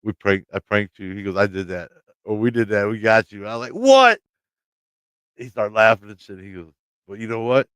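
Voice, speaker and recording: Talking to his live chat, a livestream host with a Midwestern American accent rambles through a story, laughing and swearing often. His low voice is steady, brisk and fairly bright, clean with no echo.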